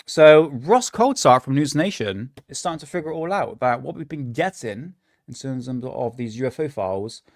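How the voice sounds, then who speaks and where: A man's voice: medium pitch, lively intonation, moderate pace, no room sound, studio quality. A man with a British accent hosting a casual livestream, rambling, swearing often and laughing at himself. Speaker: livestream host.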